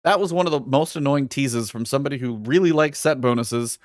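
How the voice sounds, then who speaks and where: A man's voice: mid-range voice, a little fast, no room sound, clean studio sound. A man co-hosting a casual gaming podcast, ranting with exasperation and reading chat messages aloud. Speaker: podcast co-host.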